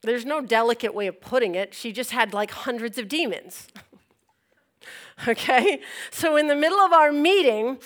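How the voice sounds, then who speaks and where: A woman giving a testimony sermon as a church leader, telling her story in an animated way, acting out scenes and laughing between lines. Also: on the high side, moderate pace.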